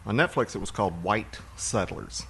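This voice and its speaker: A man's voice: lowish voice, normal speed, a little hiss or hum. A man co-hosting a podcast, chatting casually and rambling about movies he has watched. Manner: relaxed, rambling storyteller. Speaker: podcast co-host.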